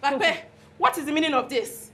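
A woman's voice: high voice, normal speed, noisy background, natural voice. A woman playing a haughty client who speaks in a cutting, scornful way. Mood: indignant.

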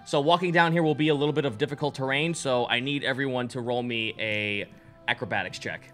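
A man's voice: mid-range voice, fast, a bit bright, soft background music. A man narrating as game master in a casual tabletop game, loose and chatty with many fillers.

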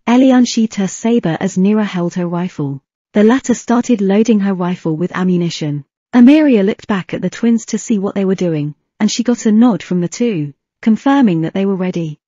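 A woman reads a fantasy fan fiction audiobook steadily, with a few slips along the way. Her mid-range voice is mellow and warm, recorded close to the mic in a dry room with no room sound. The audio comes across as slightly dull and lo-fi.

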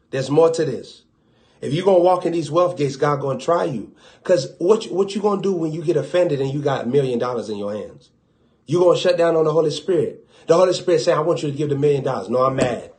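A man's voice: on the high side, animated, brisk, a little mellow. Fervent Southern preacher, man. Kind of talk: sermon.

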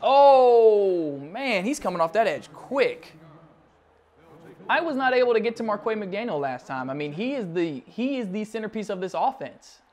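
A young man with a fairly high voice calls his football video game as he plays it. He mutters quietly through the rosters, then jumps to loud, excited play-by-play on big plays. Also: moderate pace. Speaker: gaming channel host.

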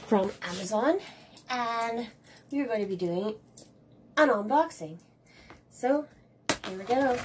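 An excitable woman with a fairly high, lively voice talks slowly through an unboxing, gushing and swearing as she goes. The home recording is noisy, with cardboard and plastic crinkling behind her. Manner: excitable, swears and laughs, gushes about the package. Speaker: vlogger. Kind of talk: casual unboxing vlog.

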